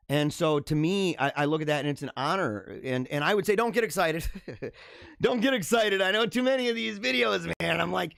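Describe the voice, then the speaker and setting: A man hosting a livestream, chatting casually and answering viewer comments in an animated, talkative way. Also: fairly high pitch, brisk, vocal fry, dry recording, clean studio sound. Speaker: livestream host.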